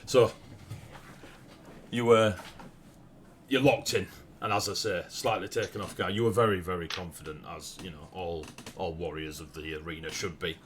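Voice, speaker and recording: A man running a tabletop game as game master, narrating the scene with a lively manner and frequent laughs. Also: low-pitched, moderate pace, slight background noise. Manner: lively, laughs often, bursts into shouted character lines.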